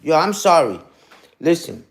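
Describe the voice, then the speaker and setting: This man in his forties has a slightly high, sing-song voice that's gravelly with a breathy edge, and he takes his time. Hosting a casual livestream chat on his phone, he banters in slang, answers viewer comments, and keeps adding "you heard?"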